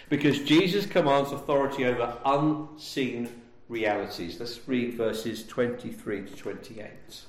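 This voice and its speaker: Emphatic preacher man in an echoey room. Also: mid-range voice. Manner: emphatic, rhetorical questions, varied emphasis. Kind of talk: sermon.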